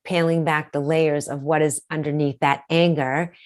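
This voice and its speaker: Low-voiced empathetic woman host. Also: little pitch movement, moderate pace. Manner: empathetic, reflective, asks probing questions. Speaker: podcast host. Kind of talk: conversational interview.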